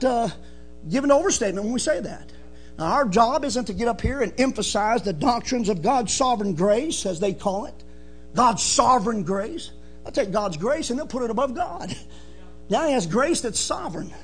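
A man preaching a sermon in a fervent, emphatic way, swinging from soft to loud. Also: very high-pitched. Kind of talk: evangelical sermon.

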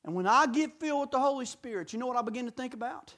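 A man preaching a sermon in a church, swinging from hushed, low passages to shouted appeals. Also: lively intonation, rapid-fire. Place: church sanctuary.

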